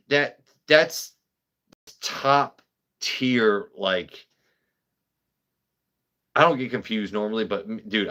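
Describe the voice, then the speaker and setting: A man hosting a live stream, telling a story casually with lots of swearing and rambling restarts. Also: on the low side. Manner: rambling, profane, animated. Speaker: host.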